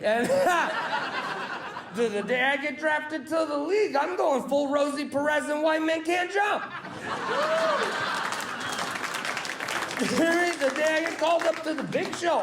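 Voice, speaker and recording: Stand-up comic, man, from the US South, very high voice, brash and profane, echoey club with a roaring crowd. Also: background noise. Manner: brash, profane, shouting punchlines. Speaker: stand-up comedian. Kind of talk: stand-up comedy set. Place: comedy club stage with live audience.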